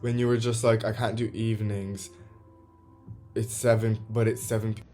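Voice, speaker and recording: A man's voice: on the low side, flat delivery, normal speed, mellow, faint music behind. A man vlogging an angry storytime rant about a friend, swearing and exasperated, quoting texts in mocking voices.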